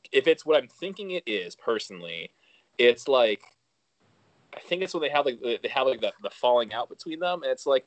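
A man's voice: mid-range voice, no echo. A man co-hosting a podcast, chatting casually, restarting his sentences and acting out his own reactions. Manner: animated, trails off and restarts, acts out quoted reactions. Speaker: podcast co-host. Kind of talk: casual chat.

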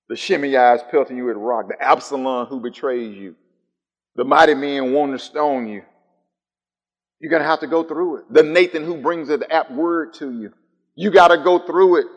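Preaching a sermon, this man alternates soft, low musings with loud, high exclamations, repeating his phrases to a steady beat. The audio carries the sound of a big room.

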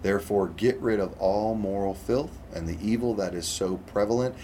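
A man with a very low voice preaches in an easy, conversational way, reading scripture and pausing to check in with his listeners. A faint hiss sits under the recording. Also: mellow. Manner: conversational, repeats "okay?" often; reads scripture aloud. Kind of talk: sermon.

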